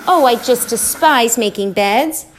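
A woman's voice: a little high, lively intonation, unhurried, slight background noise, voice pushed up. A woman doing a whiny young girl. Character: young girl complaining about chores.

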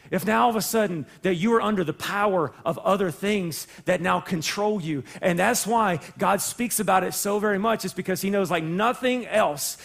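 A pastor preaches from the pulpit of a church sanctuary, his voice sitting high for a man. He talks in an animated, joking way and slips into playful voices to act out the characters he describes. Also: vocal fry. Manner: animated, jokey, acts out voices of people and God. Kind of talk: sermon.

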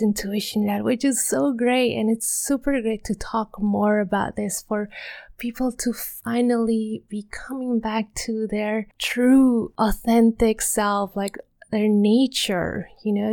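A woman with a non-native English accent talks slowly and gently on a self-help podcast, her voice carrying a gravelly fry. She often lowers to a hushed whisper and laughs lightly. The sound is close and dry with no room around it. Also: no room sound. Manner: soft-spoken, slips into whispers, laughs lightly. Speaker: podcast host.

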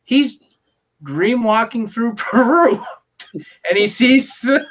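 A man's voice: very high voice, animated, slow, fairly bright tone. A man co-hosting a casual film podcast, ranting in an exasperated way and quoting his own reactions. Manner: exasperated, ranting with mock quotes. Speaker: podcast co-host.

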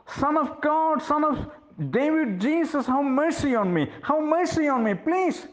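A man voicing a desperate blind male beggar who shouts and pleads for mercy. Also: high voice, little pitch movement, rapid-fire, creaky, muffled recording, pitched above the performer's own voice. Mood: pleading.

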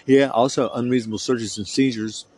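A man's voice: medium pitch, steady tone, fairly quick, a little mellow, breathy edge. A middle-aged man from the United States, hosting a podcast and ranting in a heated, profane, rambling way. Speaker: podcast host. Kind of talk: solo podcast rant.

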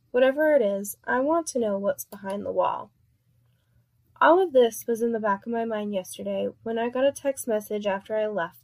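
Female narrator, a touch high, confiding storyteller, scripted first-person erotic read. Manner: candid, playful, confiding.

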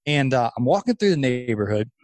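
A man in his thirties, a podcast guest, telling a long story in casual chat, animated and rambling with restarts. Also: mid-range voice, brisk, no room sound. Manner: animated, acts out quoted voices, rambling restarts. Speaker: podcast guest, lawn care business owner.

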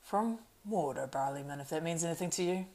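A woman doing a grave, quiet male ranger. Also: low voice, brisk. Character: grim, weathered male ranger, watchful and terse.

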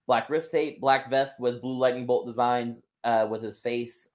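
A man's voice: medium pitch, unhurried. Casual man narrating wrestling booking. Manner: relaxed, reads aloud with fillers and laughs.

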